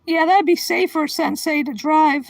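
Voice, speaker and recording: A woman's voice: high voice, a little slow, a bit bright, no room sound, low-quality recording. A woman hosting a casual livestream, chatting with viewers by name and giggling often. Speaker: livestream host. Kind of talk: casual live-stream chat.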